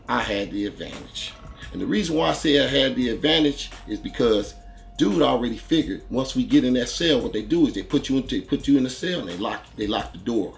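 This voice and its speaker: Gravelly, animated male storyteller. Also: medium pitch. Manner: animated, profane, acts out blows with sound words. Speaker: host recounting prison stories. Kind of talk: casual storytelling monologue.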